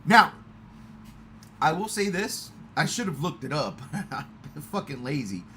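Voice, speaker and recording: A man chatting casually in a movie review, excitable and swearing often. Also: on the high side, unhurried, slight background noise. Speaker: podcast host.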